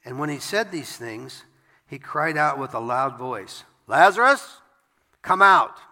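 A man's voice: mid-range voice, unhurried, sharp tone, big-room sound. A man preaching a sermon, reading scripture aloud and breaking in with wry asides. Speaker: pastor.

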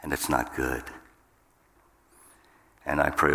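Low-voiced male pastor, unhurried and emphatic sermon delivery, reverberant church hall. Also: flat delivery, bright, forceful tone. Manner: emphatic, jumps up in pitch for acted outbursts. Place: church sanctuary.

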